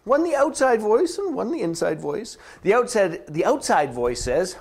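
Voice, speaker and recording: A business strategist delivers a scripted promotional address dramatically, acting out contrasting inner and outer voices and dropping to whispers for emphasis. His voice is medium-pitched, darkish and husky, with big pitch swings at a moderate pace.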